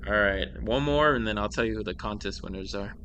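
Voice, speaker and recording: A man hosting a podcast, chatting casually and reading short horror stories in a slow, dramatic way. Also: lowish voice, pushed and bright, muffled recording, slight background noise. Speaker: podcast host.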